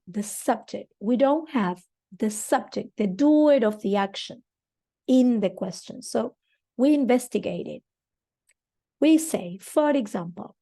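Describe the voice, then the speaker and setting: A woman's voice: medium pitch, darkish tone. A woman, a Spanish speaker, teaching English grammar patiently and often checking in with "okay". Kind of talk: grammar lesson.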